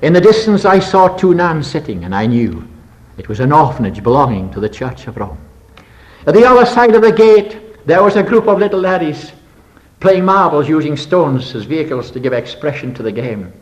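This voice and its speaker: Older preacher telling a dramatic story. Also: male voice, fairly high pitch, very animated, normal speed, low-quality recording. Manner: dramatic, swings between loud and hushed. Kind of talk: storytelling sermon.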